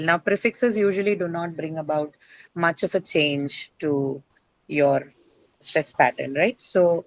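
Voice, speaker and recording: A woman's voice: low-pitched, no room sound, low-quality recording. A middle-aged woman teacher lecturing a class, explaining step by step and quizzing her students as she goes.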